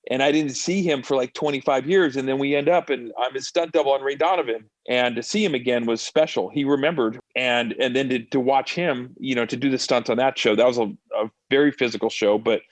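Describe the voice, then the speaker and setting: Middle-aged man, interview guest, animated storyteller, many fillers, medium pitch, dry close mic. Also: brisk, hardly any pauses, dry recording. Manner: animated, lots of fillers and restarts. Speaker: stuntman and actor, guest.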